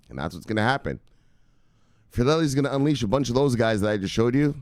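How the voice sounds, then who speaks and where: Lively, profane crypto show host, a man. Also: medium pitch, fairly quick, no echo, clean studio sound. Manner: excitable, profane, repeats "look, look", laughs often. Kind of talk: casual profane commentary.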